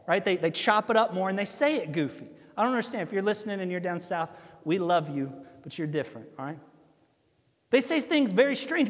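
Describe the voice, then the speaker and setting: A man with an Ohio accent, preaching a sermon as pastor, animated and conversational with asides to listeners. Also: sits high. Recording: long hall reverb.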